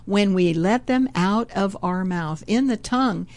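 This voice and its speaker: An older woman talking about faith with her daughter, earnest and measured, quoting verses. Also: mid-range voice, darkish tone. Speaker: mother in a devotional chat. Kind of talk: faith talk, quoting scripture.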